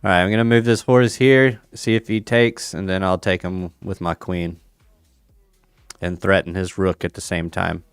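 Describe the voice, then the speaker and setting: A man's voice: low-pitched, fairly even intonation, moderate pace, clean tone, dry recording, soft background music. A man streaming casually, thinking aloud about crypto charts and a chess game, with playful banter. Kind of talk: casual livestream chat over charts and chess.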